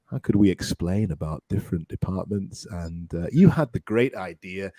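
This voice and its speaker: A man hosting an English teaching podcast, encouraging his student, praising often and drilling words slowly. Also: sits low, animated, warm tone, breathy edge, no room sound, studio quality.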